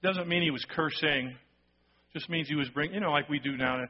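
A man preaching a sermon, telling a story with lively acted-out quotes and sudden drops to a hushed voice for emphasis. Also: on the high side, fairly quick, highs cut off. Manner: animated storytelling, acting out quotes, dropping to a hush for emphasis. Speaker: pastor.

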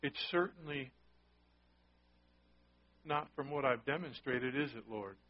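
A man's voice: mid-range voice, unhurried, lo-fi sound. A man preaching a sermon, talking conversationally and often asking the congregation questions. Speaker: pastor.

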